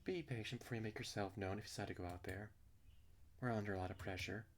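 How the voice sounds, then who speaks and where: A man's voice: fairly low pitch, quick pace, a little hiss or hum, voice pushed up, lightly acted. A man voicing a curt, guarded young woman who speaks in short, reserved replies. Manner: clipped and reserved.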